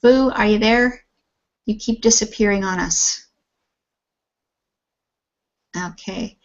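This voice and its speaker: A woman's voice: mid-range voice, measured pace. A woman teaching an English class online, patient and encouraging. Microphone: video call. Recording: muffled lo-fi video call audio.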